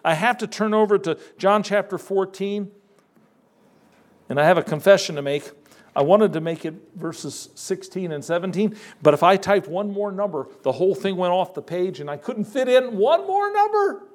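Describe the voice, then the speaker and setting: High-voiced emphatic male preacher. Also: animated. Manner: emphatic, pausing, repeats words when building a point; folksy, addresses listeners as folks. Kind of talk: sermon.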